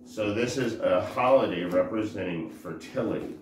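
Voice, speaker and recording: A man giving an informal scripture teaching as a religious teacher, halting and often searching for words. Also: on the low side. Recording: roomy echo, faint background noise.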